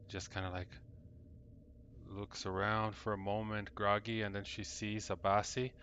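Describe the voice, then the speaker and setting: A man narrates a tabletop adventure as dungeon master, in a low voice, loose and full of fillers. A faint hum sits behind him. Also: a bit bright. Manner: loose, hesitant, lots of fillers.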